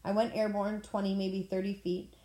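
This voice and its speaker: Brief: woman reading a story aloud, mellow dark tone, roomy echo, plain delivery. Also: medium pitch, level tone, moderate pace. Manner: plain reading, clears throat now and then. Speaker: audiobook reader. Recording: echoey room.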